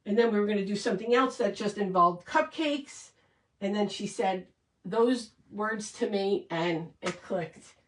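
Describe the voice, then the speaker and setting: A woman's voice: medium pitch, a little slow, recorded from a distance. A woman chats through a craft livestream, rambling and restarting as she talks to her viewers and gets emotional. Her voice sits in a medium range. It sounds roomy, picked up from a little way off the mic. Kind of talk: casual livestream chat.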